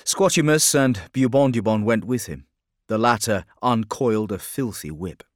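Lowish, measured male narrator. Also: no echo, studio quality. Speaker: audiobook narrator. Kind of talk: scripted narration.

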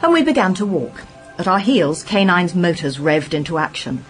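A woman reads a first-person story aloud with a crisp, wry delivery. Her pitch moves in a lively way, and soft music plays underneath. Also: moderate pace, poor audio. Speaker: audiobook narrator. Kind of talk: scripted first-person narration.

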